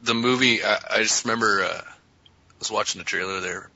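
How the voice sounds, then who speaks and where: A man with a husky, lower-pitched and very bright voice, chatting as a podcast guest. He talks haltingly, pausing to search for words. The recording is dull and lo-fi. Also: no echo. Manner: halting, hesitant. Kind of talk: casual chat.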